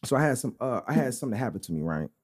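A young adult man hosts a casual podcast chat and tells a long story in slangy street talk. He talks fast, his pitch jumps around with animation, and "bro" punctuates nearly every turn. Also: slightly rough. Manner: slangy, animated anecdote telling with repeated "bro". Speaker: podcast co-host.

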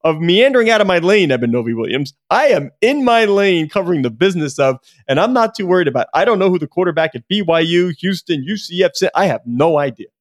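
A man's voice: sits high, very animated, fast, few pauses, dry recording, clean studio sound. A man hosting a sports business podcast in a casual, joking, self-deprecating way. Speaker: podcast host.

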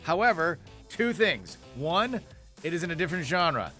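Upbeat bright-voiced man radio host. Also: fairly high pitch, big pitch swings, normal speed, soft background music. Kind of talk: live radio improv game.

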